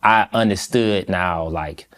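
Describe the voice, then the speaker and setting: A man from Michigan, a guest in an interview, recounting a personal story in a slow, halting, reflective way with many pauses. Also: low-pitched, a bit bright. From Michigan, USA.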